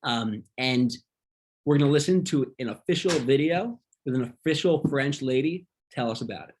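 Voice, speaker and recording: A man leading a casual online wine class, talking through slides with a relaxed manner and frequent ums. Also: medium pitch, normal speed, slight background noise. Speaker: wine workshop instructor.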